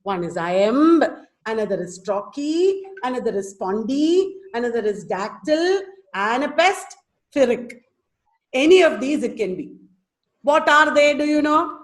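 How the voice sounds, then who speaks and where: A woman's voice: high-pitched, lively intonation, a little slow. A woman teaching an online class on a video call, sounding out stress patterns with emphasis. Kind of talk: webinar lecture. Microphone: computer mic on a video call. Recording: echoey room.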